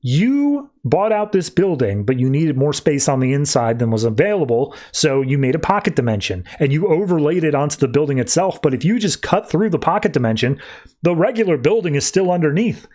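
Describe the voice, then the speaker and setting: A man's voice: big pitch swings, brisk, a little mellow. A man doing an exasperated cynical con man. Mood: smug. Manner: exasperated, raised pitch.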